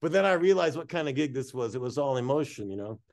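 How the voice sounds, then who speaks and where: Brief: man, mid-pitched, casual storyteller, slangy and swearing, animated pace. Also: fast. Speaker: guest artist.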